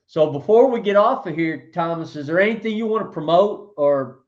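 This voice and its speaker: Dude hosting a podcast, kinda high voice, easygoing and excited, audio a bit muffled. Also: male voice, a little fast. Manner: enthusiastic and laughs easily. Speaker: podcast host. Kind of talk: casual interview chat.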